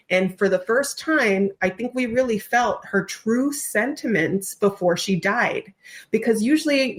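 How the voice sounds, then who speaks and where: Animated woman telling a story. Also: a little high. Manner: animated, expressive storytelling with occasional swearing; trained actor. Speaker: podcast guest. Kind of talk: casual chat.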